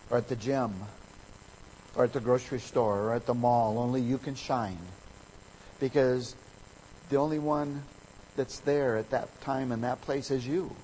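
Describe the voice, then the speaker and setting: A man preaching a sermon as a pastor, emphatic, his voice swelling louder on key words. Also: mid-range voice, a little hiss or hum, low-quality recording.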